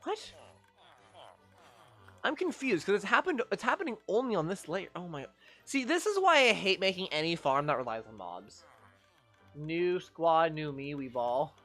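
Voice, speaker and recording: A woman's voice: lowish voice, sing-song, normal speed, pauses often, fairly bright tone, soft background music. A young woman streaming gameplay, ranting in exasperation, swearing and scolding the game's creatures as she plays. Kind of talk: live gameplay commentary.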